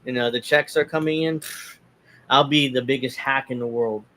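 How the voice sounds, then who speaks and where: A man's voice: mid-range voice, steady tone, moderate pace, a bit bright. A man hosting a casual political talk show, sarcastic and mocking as he reads posts aloud. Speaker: political commentary host.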